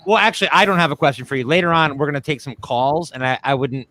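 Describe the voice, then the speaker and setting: A man's voice: on the high side, fast, pushed and bright. A man co-hosting a casual online chat, playful and teasing. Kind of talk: casual chat on a video call.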